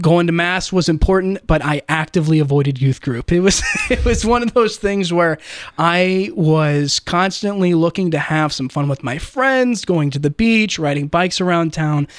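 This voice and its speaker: A man's voice: fairly high pitch, no echo, studio quality. A man in his twenties from the United States, a guest earnestly recounting his faith story in casual conversation, with frequent "uh" fillers. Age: 20s.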